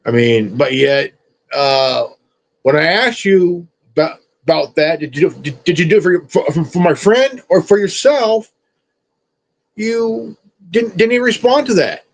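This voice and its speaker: A man's voice: sits high, expressive, a little slow, creaky, low-quality recording. A man streamer ranting at someone in a confrontational, profane, repetitive way. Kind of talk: confrontational rant.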